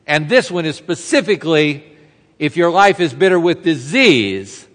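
A man with a high voice preaches a verse-by-verse sermon, keeping it conversational and asking the congregation rhetorical questions. His voice rings with the long reverb of a large hall. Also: big pitch swings, moderate pace, fairly bright tone. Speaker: pastor. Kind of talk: expository sermon.

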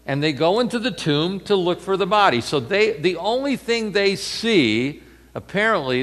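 A man preaching a sermon, retelling a story with lively swings between loud emphasis and hushed lines. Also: fairly high pitch, big-room sound.

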